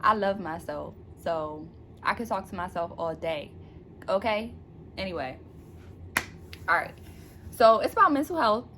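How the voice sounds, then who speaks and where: A woman's voice: medium pitch, lively intonation, unhurried, long pauses, noisy background. A young woman talking straight to camera about her new book, bubbly and laughing as she goes. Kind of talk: casual excited vlog to camera. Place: alone indoors at home. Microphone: camera mic.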